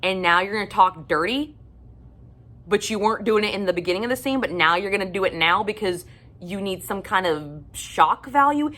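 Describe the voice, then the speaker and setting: A woman's voice: medium pitch, lively intonation, normal speed, a bit bright. A woman book vlogger ranting bluntly and profanely about things that annoy her in romance novels, in a casual monologue.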